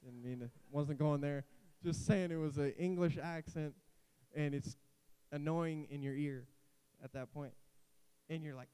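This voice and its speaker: A youth pastor in his late twenties delivers a casual sermon, weaving in stories and jokes as he goes. His voice sits a little high, moves at a normal speed, and sounds clean, though the low-quality recording carries a faint hiss. He tells his stories in an animated way, full of asides and jokes.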